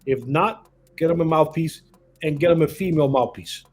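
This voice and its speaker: A man's voice: a little high, normal speed. A man co-hosting a wrestling podcast in casual chat, often repeating words and leaning on "you know.". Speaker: podcast co-host.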